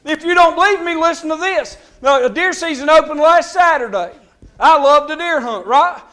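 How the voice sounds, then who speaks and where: High-voiced impassioned male preacher. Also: animated, moderate pace, a bit bright. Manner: impassioned, pleading, calls on congregants by name. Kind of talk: Baptist sermon. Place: church sanctuary.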